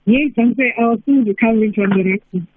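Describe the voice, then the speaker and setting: A man's voice: high-pitched, fast, no echo. A man from South Africa calling into a radio sports show, hesitant and repeating words. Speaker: caller. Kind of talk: phone-in chat. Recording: tinny phone line.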